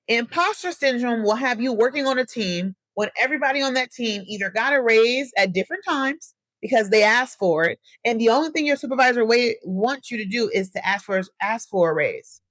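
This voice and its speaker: On a dry recording, a young Midwestern woman with a slightly high voice hosts a solo podcast. She chats animatedly, tells stories from her own life, and calls her listeners "y'all."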